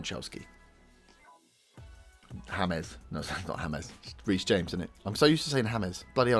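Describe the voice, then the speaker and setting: Excitable man commentating his game. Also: lowish voice. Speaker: gaming YouTuber. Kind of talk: casual let's-play commentary.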